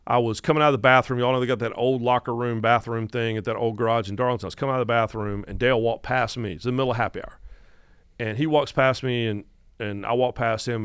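A man's voice: medium pitch, smooth, dry recording, studio quality. A man in his fifties with a North Carolina Southern accent, telling stories as a guest host on a casual podcast. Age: 50s. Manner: animated storyteller who acts out quotes.

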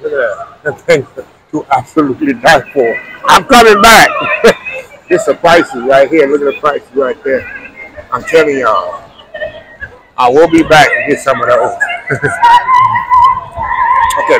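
A man giving casual walking vlog narration at outdoor food tents, talking straight to viewers as y'all. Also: fairly high pitch. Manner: chatty, addresses viewers as y'all. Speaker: food vlogger. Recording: busy crowd noise around.

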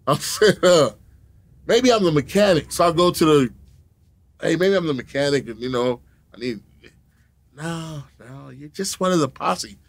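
A man telling a profane story as an interview guest, animated, laughing often and acting out the other people in it. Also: fairly high pitch, a little slow, vocal fry, pauses often.

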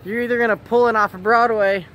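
A man's voice: sits high, steady tone, fast talker, a bit bright, lo-fi sound. A man casually vlogging outdoors at a small food stand, chatty and joking as he films with a handheld phone. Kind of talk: casual vlog narration. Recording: outdoor traffic noise.

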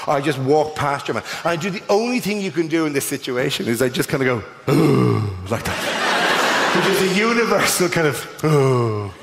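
An Irish man performing a stand-up comedy routine, telling a story with animated delivery, loud outbursts and acted-out voices. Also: fairly high pitch, a little fast, slight background noise. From Ireland. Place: large theatre stage. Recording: echoey live hall with audience.

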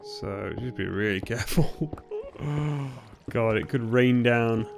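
A man's voice: mid-range voice, slow, gravelly, music in the background. Jumpy young man gaming. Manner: jumpy, nervous, bursts into excited shouts. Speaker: gaming YouTuber. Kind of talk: Let's Play commentary.

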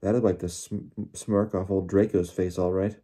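A man's voice: deep voice, flat delivery, unhurried, mellow, breathy edge. A man voicing an easygoing teenage boy wizard who speaks casually and reassuringly. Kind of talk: audiobook character voice.

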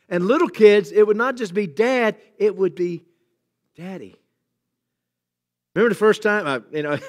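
In a church sanctuary, a middle-aged pastor delivers a sermon in a slightly high voice that swings widely in pitch. He stays loose and chatty throughout, cracking jokes, chuckling, and making asides to the congregation.

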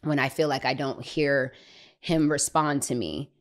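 A woman, telling a personal faith story on a podcast in a lively, conversational way. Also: extremely low pitch, measured pace. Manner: animated, acts out children's voices, laughs often. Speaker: podcast host.

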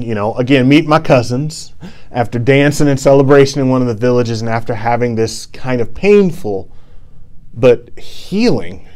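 An earnest man presenting an inspirational talk in the style of a TED stage. His voice sits at an ordinary middle pitch, and he speaks with passion, leaning into repeated phrases to build emphasis. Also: a little mellow. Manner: earnest, impassioned, rhythmic repetition for emphasis.

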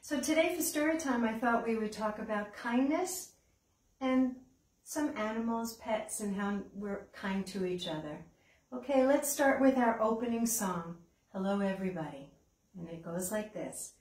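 A woman librarian leading a children's story time with songs, talking in a slow, gentle sing-song way. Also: mid-range voice, recorded from a distance. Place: library room. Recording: echoey room, away from the mic.

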